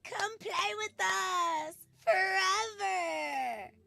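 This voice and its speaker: Creepy little twins, lady doing the voice, super slow singsong, pitched up, spooky. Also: creaky, sharp tone, heavily acted. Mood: eerie. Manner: slow, drawn-out, eerie singsong. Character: creepy twin children speaking in unison.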